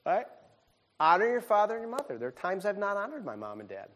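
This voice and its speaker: A man preaching a sermon as a pastor, animated and humorous, swinging from quiet asides to shouted exclamations. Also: high voice, fairly quick, gravelly. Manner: humorous, self-deprecating.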